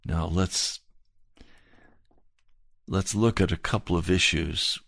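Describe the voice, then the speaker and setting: A man preaching a slow, earnest sermon and telling a personal testimony. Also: sits low, creaky, fairly bright tone, no room sound. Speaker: pastor.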